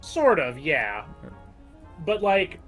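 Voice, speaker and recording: A man's voice: on the high side, wildly swooping pitch, very slow, a bit bright, soft background music. A man in casual chat on an art stream, rambling and hesitant with many fillers.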